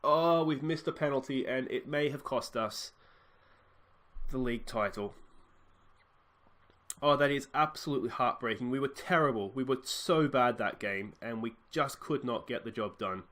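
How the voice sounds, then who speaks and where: A man in his thirties with an Australian accent, commentating his own football game video and swinging between shouts and deflated murmurs. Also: mid-range voice, moderate pace. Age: 30s. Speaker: gaming video host.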